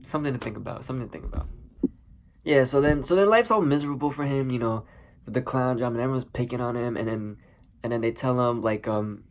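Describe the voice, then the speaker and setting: Gravelly-voiced man reviewing a movie. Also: mid-range voice, fast talker. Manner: animated, acts out scenes with sound effects. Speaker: movie commentator. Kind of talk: casual spoiler movie review.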